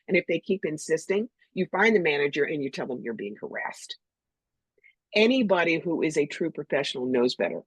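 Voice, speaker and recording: An older New York woman, a psychic medium, tells stories in an interview, speaking bluntly and animatedly and imitating other people's voices. Her low, expressive voice is a little fast and slightly rough. The audio is poor, with no room sound.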